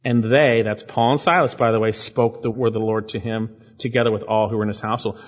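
A man preaching a sermon, reading scripture aloud and stopping to ask his listeners questions. His medium-pitched voice carries a long reverb from a large church hall. The recording is dull and lo-fi. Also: steady tone, quick pace, few pauses. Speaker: pastor. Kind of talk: expository sermon.

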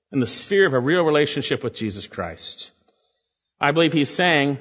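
A man's voice: a little high, a bit bright. A male pastor preaching a sermon and explaining scripture, with big swells and drops in emphasis. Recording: muffled sound with a long hall echo.

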